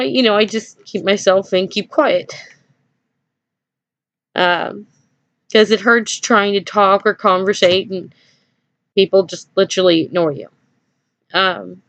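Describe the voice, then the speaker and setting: A woman's voice: mid-range voice, dry recording. A woman telling a personal story in a casual vlog, hesitant, with many fillers and small nervous laughs. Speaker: vlogger. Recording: dry dull lo-fi home recording.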